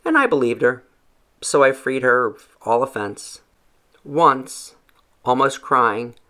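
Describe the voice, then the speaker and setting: A man reading a first-person story aloud in a measured, reflective way. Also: mid-range voice, vocal fry, sharp tone. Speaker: narrator.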